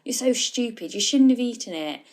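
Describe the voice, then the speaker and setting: A woman voicing a harsh, critical inner parent who scolds quickly and loudly. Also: fairly high pitch, animated, lightly acted. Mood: scolding. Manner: scolding, rising, fast and loud.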